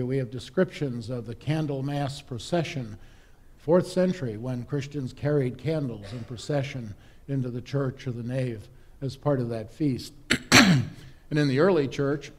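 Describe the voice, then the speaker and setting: A male priest giving a sermon in a relaxed, conversational, humorous way, with stories and rhetorical questions. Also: medium pitch. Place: church.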